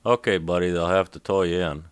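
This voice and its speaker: Blunt highway patrolman, read by a man. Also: fairly even intonation, fairly quick, smooth, no echo, close to an everyday voice. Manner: blunt, informal. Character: blunt male highway patrolman, casual and matter-of-fact.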